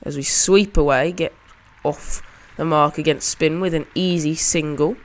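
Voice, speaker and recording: A man's voice: a little high, steady tone, a little slow. Chatty man commentating his own game. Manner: chatty, narrates his own play shot by shot. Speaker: gaming channel host.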